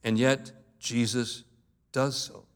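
An earnest pastor preaching at a mid-range pitch, his delivery measured and emphatic. He drags out key words for weight, then eases into light humorous asides before returning to the point. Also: flat delivery, clear, resonant tone. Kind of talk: sermon.

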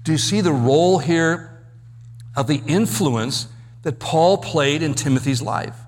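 Pastor preaching in a reverberant hall. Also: male voice, on the high side, a little slow. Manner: teaching, explains Greek words and verses step by step. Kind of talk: expository sermon.

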